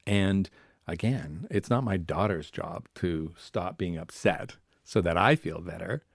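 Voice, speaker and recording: A man's voice: deep voice, a little slow, creaky, dry recording, clean studio sound. A man, a family therapist, telling personal stories on a podcast in a reflective way and acting out voices within them. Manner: reflective, acts out inner voices in his stories. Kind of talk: conversational podcast storytelling.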